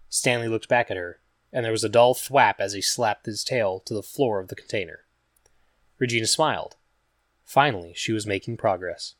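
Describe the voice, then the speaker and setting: A man reading a story aloud as a narrator, in an even, measured storytelling manner. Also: fairly low pitch, no room sound, studio quality. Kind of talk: scripted audiobook narration.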